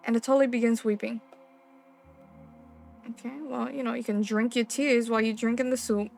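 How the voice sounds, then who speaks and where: A young woman playing a horror game, reading its text aloud and reacting with excitable, slangy, swearing commentary. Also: fairly high pitch, moderate pace, creaky, pauses often. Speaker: gaming streamer.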